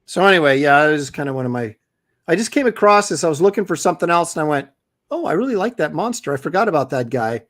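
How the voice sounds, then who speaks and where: Chatty middle-aged man, fairly high voice. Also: fast. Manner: relaxed, chatty, reads viewer comments aloud. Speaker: comic artist and show co-host. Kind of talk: casual livestream chat.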